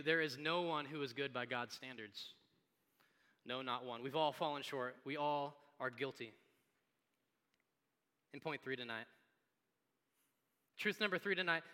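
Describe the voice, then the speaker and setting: Bright-voiced, conversational preacher. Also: male voice, medium pitch. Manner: conversational, animated storytelling. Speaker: pastor. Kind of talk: sermon. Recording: long hall reverb.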